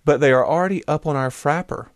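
A man's voice: a little high, fast, dry recording, studio quality. A man co-hosting a casual podcast, easygoing and joking as he reads out listener messages. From United States. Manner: easygoing, joking, stumbles over place names. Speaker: podcast co-host.

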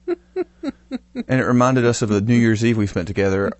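A man's voice: mid-range voice, huge pitch swings, moderate pace, no echo, lo-fi sound. Guy cohosting a podcast w the hiccups, jokey storyteller, dead dry room. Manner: joking, storytelling. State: has the hiccups. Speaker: podcast co-host. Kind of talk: casual chat.

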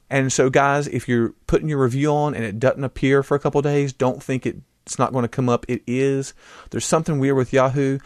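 A man's voice: medium pitch, no room sound, clean studio sound. A man co-hosting a casual podcast, easygoing and joking as he reads out listener messages. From United States. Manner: easygoing, joking, stumbles over place names. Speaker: podcast co-host.

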